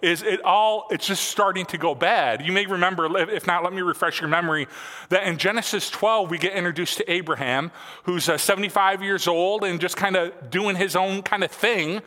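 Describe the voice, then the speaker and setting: Man in his forties, pastor preaching, bright tone, echoing church hall. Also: high voice, brisk. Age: 40s. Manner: casual storytelling with fillers. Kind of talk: sermon. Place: church sanctuary.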